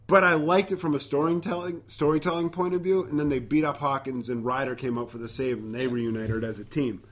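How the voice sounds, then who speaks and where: A man co-hosting a casual wrestling podcast, animated, swearing freely and acting out quotes. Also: medium pitch, a little fast. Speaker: podcast co-host.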